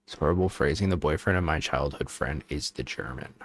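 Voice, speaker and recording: This male VTuber's voice is extremely low and brisk as he chats casually on stream, cracking jokes while trailing off and saying things twice.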